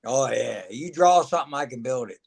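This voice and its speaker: A man's voice: medium pitch, expressive, a little fast, creaky, husky. A man, a guest telling stories in a folksy, laughing way. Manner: folksy, laughs often, acts out quotes. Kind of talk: casual storytelling chat.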